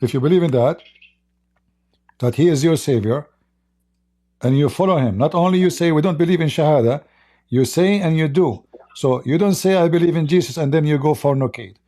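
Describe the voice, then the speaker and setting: A man's voice: fairly high pitch, a little fast, long pauses, warm tone. Preaching, taunting male stream host. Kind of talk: live-stream religious debate.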